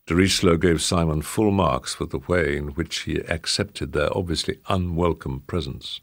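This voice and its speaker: A man reading a novel aloud as narrator, measured and grave. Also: low voice, gravelly. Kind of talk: audiobook reading.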